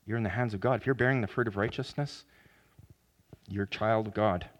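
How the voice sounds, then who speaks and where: A man preaching a sermon as pastor, earnest, with sudden loud emphatic rises. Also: lowish voice, brisk.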